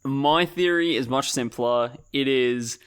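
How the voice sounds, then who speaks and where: A man's voice: mid-range voice, slow, fairly bright tone, smooth. A man co-hosting a podcast, chatting casually about films, laid-back and theorizing, with some hesitations. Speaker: podcast co-host. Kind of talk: casual film discussion.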